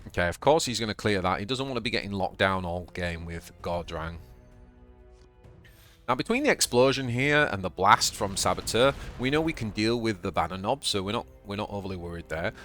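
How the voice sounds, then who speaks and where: A man with a Yorkshire accent talks through his card game turn by turn in a relaxed commentary voice. His voice sits fairly low, and he thinks aloud, trips over words and doubles back on himself. Soft music plays quietly in the background. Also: fairly quick. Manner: chatty, thinking aloud, stumbles and repeats words. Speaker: channel host and card game player. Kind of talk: casual gameplay commentary.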